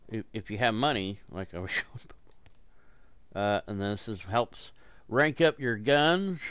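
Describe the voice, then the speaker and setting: A man with a fairly low voice rambles through casual gameplay commentary, joking and swearing as he goes. He jumps between loud outbursts and quiet mutters, wired on caffeine. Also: clean tone, no room sound.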